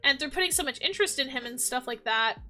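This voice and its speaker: A woman's voice: high-pitched, animated, fast, bright, forceful tone, faint music behind. A woman chatting casually as a gaming vlogger, gushing and rambling with lots of fillers. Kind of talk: casual chat.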